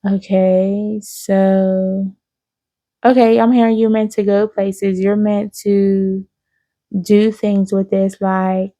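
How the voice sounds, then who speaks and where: A woman giving an intuitive spiritual reading to her viewers, speaking slowly and soothingly with frequent "okay?" check-ins. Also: medium pitch, flat delivery, mellow, no echo. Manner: slow, drawn-out, soothing, with many "okay?" asides. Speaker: psychic reader.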